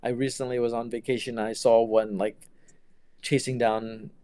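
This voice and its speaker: Middle-aged man, interview guest, smooth clear voice, dry close sound, lots of ums and restarts. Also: medium pitch, level tone, moderate pace, mellow, no room sound. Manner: hesitant, many fillers and restarts. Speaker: quantum computing engineer. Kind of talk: casual interview answers.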